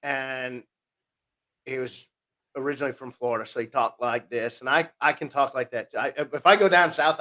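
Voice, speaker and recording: A man's voice: mid-range voice, moderate pace. Rambling New man in his fifties. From New Jersey, USA. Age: 50s. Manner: rambling, self-interrupting, animated retelling with quoted voices. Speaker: podcast guest. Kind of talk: casual storytelling interview.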